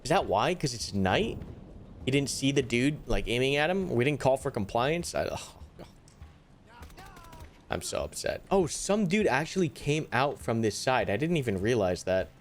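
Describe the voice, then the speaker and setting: Animated young man narrating tactical gameplay. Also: medium pitch, normal speed, slight background noise. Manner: animated, exasperated, swears and groans at setbacks. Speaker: gaming YouTuber. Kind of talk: live gameplay commentary.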